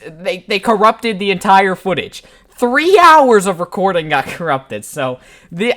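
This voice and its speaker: A man's voice: fairly high pitch, sharp tone. A young man casually narrating his own gameplay footage, joking and self-deprecating. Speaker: gaming channel host. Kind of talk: gameplay voiceover commentary.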